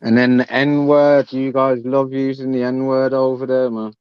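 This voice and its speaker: A man's voice: medium pitch, level tone, measured pace, smooth, no echo. Laid-back British man, slangy. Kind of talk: casual chat. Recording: dull lo-fi sound.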